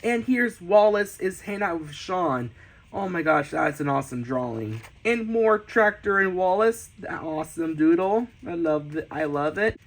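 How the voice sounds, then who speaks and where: A man giving a casual tour of his sketchbooks, enthusiastic, often repeating and restarting, with sudden excited squeals. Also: sits high, normal speed, rough recording. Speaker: artist showing his sketchbooks.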